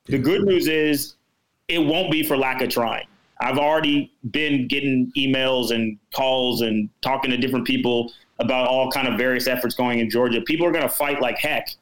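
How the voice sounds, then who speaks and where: Houston guy, political strategist on a podcast, mid pitch, gets fired up and emphatic. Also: fairly quick, poor audio. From Houston, Texas. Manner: animated, emphatic, conversational. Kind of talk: casual political interview.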